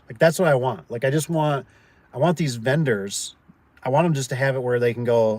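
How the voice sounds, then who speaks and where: A darkish, medium-pitched male voice, a little fast and with no room sound, belongs to a door and gate business owner. On his livestream he chats and rambles, telling stories thick with fillers and acted-out quotes.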